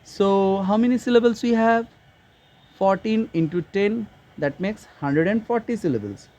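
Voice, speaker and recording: Man, Indian English accent, high voice, literature teacher, hesitant, lots of fillers and restarts. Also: expressive, normal speed, warm tone, muffled recording. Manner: hesitant, repeats himself with many fillers. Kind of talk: casual online literature lesson.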